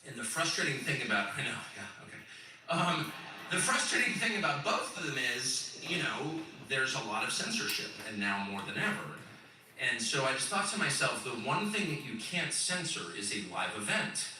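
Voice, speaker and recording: A man in his fifties from California, hosting a live stage show with a sardonic, chuckling, animated storytelling manner in a large event hall. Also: mid-range voice, moderate pace, a little hiss or hum. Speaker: host on a live stage tour. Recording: roomy echoing hall, distant mic.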